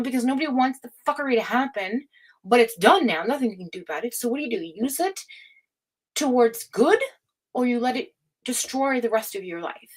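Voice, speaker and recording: A woman giving a tarot reading in a forceful, profane, scolding pep-talk manner, with many fillers and restarts. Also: sits high. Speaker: tarot reader. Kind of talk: casual spoken tarot reading to camera.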